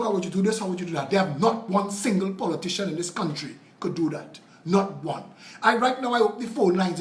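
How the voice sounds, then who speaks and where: A man's voice: sits high, reverberant. A man with a Trinidadian accent hosting a live political show, ranting in a combative, profane and mocking way, telling stories to make his point.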